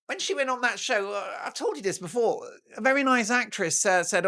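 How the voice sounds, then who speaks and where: A man's voice: sits high, expressive, brisk, hardly any pauses, bright, forceful tone. Sarcastic British man hosting talk. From Britain. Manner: mocking, sarcastic, theatrical. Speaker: talk show host. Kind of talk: opinionated news commentary.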